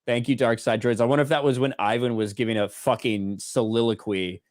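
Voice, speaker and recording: A man's voice: medium pitch, steady tone, brisk, dry recording, studio quality. A man co-hosting a casual livestream, reading out viewer donations and swearing offhandedly. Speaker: livestream co-host reading superchats.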